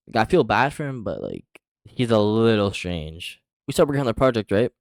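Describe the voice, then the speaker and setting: A young man rattles through a casual storytime vlog in a fairly low voice, racing from one beat to the next. His talk is slangy, profane and full of fillers. The sound is dry and close, with no room around it. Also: sing-song, a little fast, no echo.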